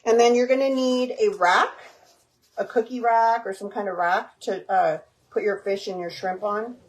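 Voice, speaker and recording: A woman's voice: medium pitch, fairly even intonation, moderate pace, noisy background. A woman hosting a casual live cooking stream from her home kitchen, chatting with viewers and dropping in Spanish words. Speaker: cooking livestream host.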